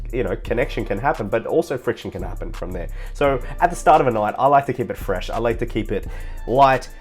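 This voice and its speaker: A man talks straight to the camera, telling lively stories about nights out. His pitch sits in an ordinary middle range. He laughs and swears freely, and a little music plays faintly behind him. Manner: animated, laughs and swears while telling anecdotes. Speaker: social life mentor. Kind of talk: casual storytelling monologue.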